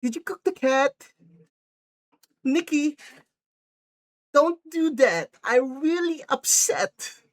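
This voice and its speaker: A man's voice: very high voice, slow, pauses often, no echo, voice pushed up. A man voicing an anxious young boyfriend who pleads in a flustered way. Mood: upset.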